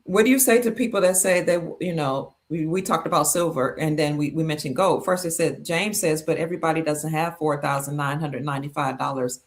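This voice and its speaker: A woman's voice: low-pitched, fairly quick, few pauses. A woman hosting a podcast interview, asking questions and giving many brief affirmations. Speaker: podcast host.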